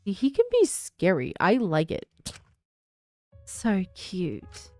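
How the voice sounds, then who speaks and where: A woman hosting a gaming channel who chats casually and giggles as she reacts with quick asides. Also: mid-range voice, huge pitch swings, mellow, no room sound, soft background music. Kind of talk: casual let's-play commentary.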